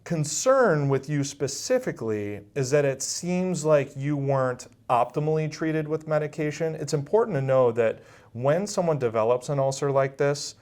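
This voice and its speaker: A middle-aged male surgeon giving calm, patient medical explanations in an interview. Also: fairly high pitch, normal speed, hardly any pauses. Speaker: bariatric surgeon.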